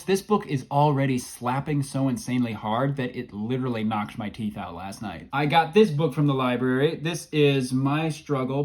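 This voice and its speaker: A man casually reviewing the books he read, joking and gushing with over-the-top enthusiasm. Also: medium pitch. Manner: enthusiastic, jokey, hyperbolic. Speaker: book vlogger. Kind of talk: casual book review vlog.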